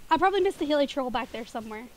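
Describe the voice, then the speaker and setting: Southern woman streamer, high bright voice, giggly, chatty, stumbles over words now and then. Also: slight background noise. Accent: Southern US, Tennessee area. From southeastern United States. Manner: giggly, occasionally stutters and trips over words. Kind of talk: casual gaming stream chat. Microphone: desk microphone.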